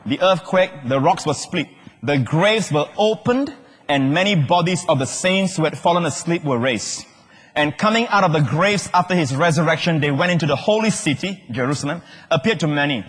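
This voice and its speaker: Animated preacher man, husky voice. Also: a little high, moderate pace. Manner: animated, calls out questions and shouts key words. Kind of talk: sermon. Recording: long hall reverb.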